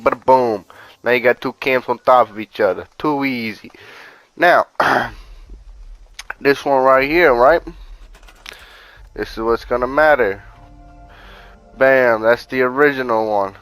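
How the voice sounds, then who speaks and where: A man's voice: fairly bright tone, clean tone, dry recording, low-quality recording. A man talking casually over gameplay as a channel host, laid-back and profane, walking viewers through a glitch step by step with catchphrases. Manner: laid-back, profane, repeats "bada bing, bada boom".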